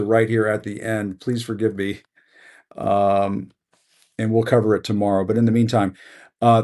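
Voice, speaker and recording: A middle-aged male news host speaks in a conversational way with easy fillers. He builds to impassioned, emphatic commentary and keeps repeating a rallying line. His voice sits at an ordinary male pitch. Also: a little mellow. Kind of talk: passionate news commentary monologue.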